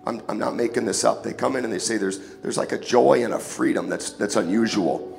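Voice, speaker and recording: A man preaching a casual, joking sermon in church, hoarse and sniffling from a cold, often calling for an amen. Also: on the low side, brisk, darkish tone. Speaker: guest preacher. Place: church sanctuary. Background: music.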